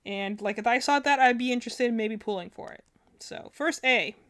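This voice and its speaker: A woman's voice: on the high side, moderate pace, fairly bright tone. A woman streaming as she reacts to game trailers, talking casually and rambling, with lots of fillers and self-corrections. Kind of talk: casual live-stream commentary.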